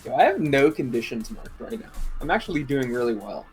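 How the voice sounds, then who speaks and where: A man's voice: mid-range voice, big pitch swings, fairly quick, soft background music. A man playing in a tabletop game, talking casually and swearing freely. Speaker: player.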